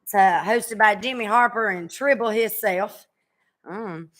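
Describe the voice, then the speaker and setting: A woman's voice: mid-range voice, unhurried, a bit bright. A woman in her thirties hosting a casual podcast chat, chatty and teasing, with a drawl and frequent fillers. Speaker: podcast host.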